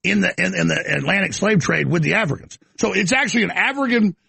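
Gravelly, high-voiced ranting male host. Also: fast talker, pushed and bright, dry recording. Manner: mocking, sarcastic rant. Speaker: commentary show host. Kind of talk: ranting political commentary.

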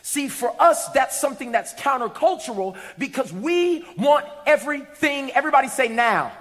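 A man preaching a sermon, telling stories and rising to shouts and sing-song lines. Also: extremely high pitch, animated, normal speed, long reverb tail. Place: church.

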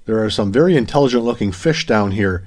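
A man's voice: fairly low pitch, animated, quick pace, a little mellow. A man reading the lines of a young male scientist, earnest and pressing. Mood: urgent.

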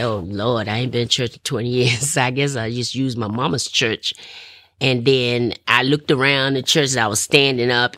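A middle-aged woman telling a personal testimony story, animated and laughing often as she talks. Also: a bass voice, no room sound, studio quality. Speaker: testimony speaker.

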